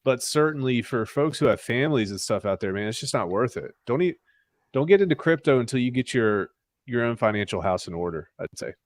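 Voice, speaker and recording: A man's voice: mid-range voice, a little fast, no room sound. Candid man in casual podcast chat. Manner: candid, animated, restarts often. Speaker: podcast host.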